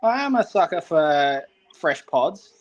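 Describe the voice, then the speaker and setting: A man's voice: fairly high pitch, big pitch swings, takes it slowly, lo-fi sound. A man from South Australia, a chilli-eating guest giving short answers and laughing shyly. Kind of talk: casual interview answers.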